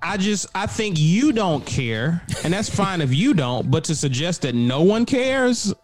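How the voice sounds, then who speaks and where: A man's voice: sits high, very animated, measured pace, faint music behind. A man co-hosting a podcast in casual chat, dry and argumentative. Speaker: podcast co-host.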